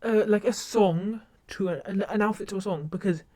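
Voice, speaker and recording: A young woman chats casually to her stream, her voice soft and mellow. She rambles and keeps breaking off to restart her sentences. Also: mid-range voice, moderate pace. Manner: rambling, self-interrupting with many restarts. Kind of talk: casual livestream chat.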